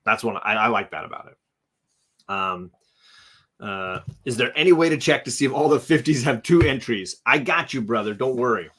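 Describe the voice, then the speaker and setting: A man's voice: medium pitch, lively intonation, normal speed, fairly bright tone, slightly rough. A man hosting a charity livestream in casual chat. He rambles, uses many fillers and thanks donors by name. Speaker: livestream host.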